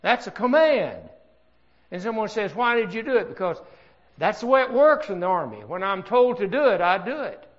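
An older man delivers a sermon in an earnest, talky way, with a fairly high voice. He keeps turning to the congregation with rhetorical questions. The recording sounds dull and lo-fi. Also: very animated, normal speed. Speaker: preacher.

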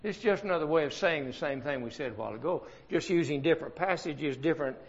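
An older man delivers a sermon in an earnest, talky way, with a fairly high voice. He keeps turning to the congregation with rhetorical questions. The recording sounds dull and lo-fi. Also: expressive, fast. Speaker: preacher.

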